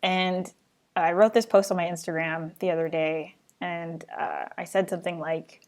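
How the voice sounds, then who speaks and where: A woman's voice: on the low side, darkish tone. A young adult woman hosting her own live show, chatting casually and rambling as she answers viewer questions. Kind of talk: casual live-stream chat.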